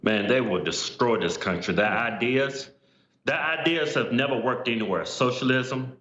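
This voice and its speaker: A man's voice: mid-range voice, moderate pace, fairly bright tone. Blunt male guest, echoey dull line. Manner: blunt, agreeing, matter-of-fact. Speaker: guest commentator. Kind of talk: political talk show discussion.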